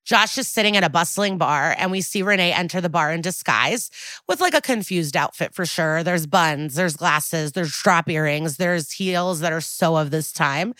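A woman's voice: fairly low pitch, moderate pace, bright, forceful tone, no echo. A woman co-hosting a podcast, recapping an episode in a chatty, wry way and acting out the quoted lines. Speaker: podcast co-host.

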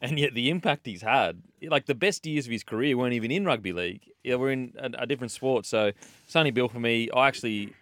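An Australian man on a sports podcast, giving measured, thoughtful takes. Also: mid-range voice, fairly bright tone, no room sound, clean studio sound. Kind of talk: casual sports chat.

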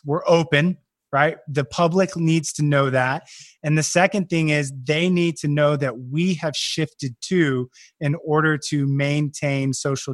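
A man's voice: on the high side, fairly bright tone, dry recording, studio quality. A man, a real estate investor and guest on a podcast, explaining his business in confident, structured points. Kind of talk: podcast interview.

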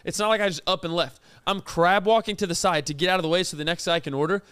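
Podcast co-host, male, high voice, indignant storyteller. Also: fast talker, smooth. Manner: animated, indignant storytelling with acted-out quotes. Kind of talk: casual storytelling chat.

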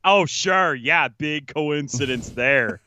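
A man's voice: a little high, expressive, slow pace, pushed and bright. A man co-hosting a podcast in casual chat, blunt, opinionated and teasing. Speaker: podcast co-host. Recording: slightly dull lo-fi mic.

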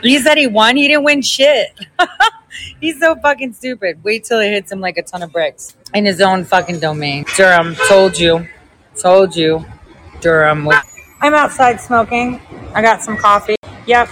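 A woman's voice: fairly high pitch, normal speed, fairly bright tone, faint music behind, poor audio. A middle-aged woman talking to her viewers outdoors at an airport smoking spot, rambling and swearing freely with lots of fillers. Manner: profane, rambling, chatty with frequent fillers. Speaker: livestreamer. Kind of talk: casual rambling chat to viewers.

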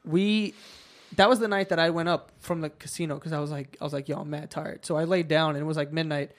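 Guy with a high voice cracking up telling a vegas story, swears a lot. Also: fast talker. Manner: excited, laughing, profane storytelling. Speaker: podcast host. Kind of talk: casual chat, storytelling.

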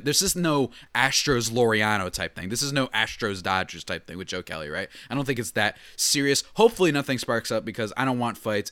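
Rambling, animated male podcast host. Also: medium pitch, smooth, dry recording. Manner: casual, rambling, many fillers and restarts. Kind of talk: solo sports podcast commentary.

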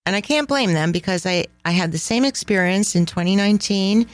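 A woman's voice: medium pitch, expressive, a little fast, no room sound. A middle-aged woman hosting a casual travel podcast, enthusiastic and laughing often, dropping in Italian phrases. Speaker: podcast host and travel planner.

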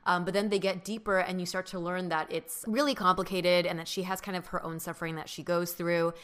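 Thoughtful low-voiced woman co-host. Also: fairly even intonation, brisk, a bit bright. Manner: thoughtful, many fillers like "like" and "um". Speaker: podcast co-host. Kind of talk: casual chat.

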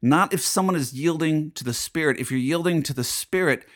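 A man's voice: fairly high pitch, brisk, a bit bright. A man hosting his own show as a pastor, talking in an emphatic, preachy monologue full of rhetorical questions. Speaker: podcast host and pastor. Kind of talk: fired-up spoken monologue.

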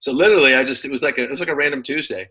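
Former football player as interview guest, thirties, bright voice, relaxed and rambling. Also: male voice, medium pitch, racing, low-quality recording. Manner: relaxed storyteller, many fillers and restarts. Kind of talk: casual interview chat.

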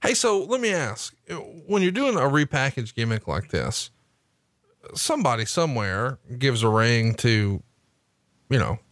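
A man's voice: mid-range voice, very animated, a bit bright, no echo, clean studio sound. A man with a Southern US accent hosting a podcast, firing off profane questions in casual chat. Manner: profane, rapid-fire questioning. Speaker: podcast host.

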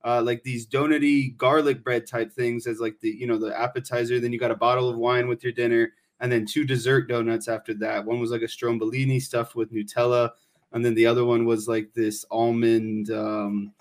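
A man co-hosting a sports talk show. He talks at a relaxed, easygoing pace and tends to ramble, dropping plenty of fillers into his stories. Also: mid-range voice, normal speed. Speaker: podcast co-host.

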